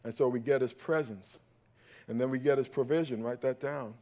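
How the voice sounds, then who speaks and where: A male pastor preaching a sermon, calling out to his congregation and swinging from loud emphatic peaks to low quiet stretches. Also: normal speed. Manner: calls out to the congregation for response.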